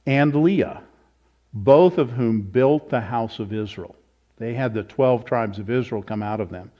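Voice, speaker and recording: A pastor teaching a Bible study in a conversational way, asking the group questions and thinking aloud as he goes. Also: mid-range voice. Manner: informal, thinks aloud, self-corrects. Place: church meeting room. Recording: slightly dull, lo-fi.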